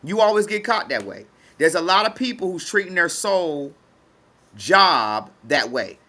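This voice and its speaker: Emphatic woman preaching with lively pitch. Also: unhurried. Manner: emphatic, colloquial, repeats phrases for effect. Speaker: spiritual teacher. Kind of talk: preaching to an audience.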